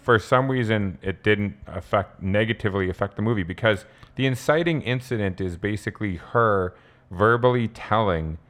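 A man co-hosting a casual movie podcast, chatting and explaining quickly. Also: fairly low pitch, a bit bright. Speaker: podcast co-host. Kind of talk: casual chat.

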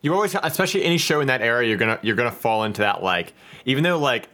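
A man's voice: medium pitch, expressive, very fast, pushed and bright. A man chatting casually on a podcast, rambling with lots of fillers and laughing often. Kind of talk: casual chat.

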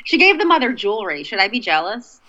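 A woman comedian with a Boston accent talks on a podcast over a video call. Her bright voice swings all over, and she tells bawdy jokes in an animated way. It is loose, playful podcast chat. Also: a little high, fast talker, lo-fi sound. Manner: bawdy, animated joking with laughter. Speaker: comedian guest.

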